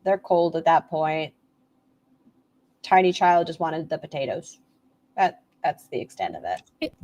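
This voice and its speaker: Low-voiced sarcastic woman streamer. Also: measured pace, a little mellow. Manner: sarcastic, blunt remarks. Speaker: commentary streamer. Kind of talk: livestream commentary.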